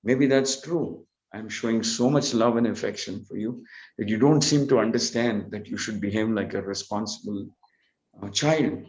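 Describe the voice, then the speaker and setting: A man's voice: on the low side, moderate pace, reverberant, natural voice, rough recording. Brief: stern exasperated mother, lecturing her naughty son, put on by a man. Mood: scolding. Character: scolding mother chastising her mischievous young son.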